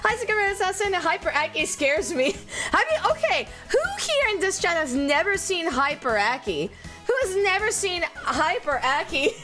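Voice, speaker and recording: A woman's voice: very high-pitched, sing-song, moderate pace, sharp tone, soft background music. A young woman streamer chatting casually with her viewers, sleep-deprived, laughing often and squealing when she thanks them. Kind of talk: casual live-stream chat.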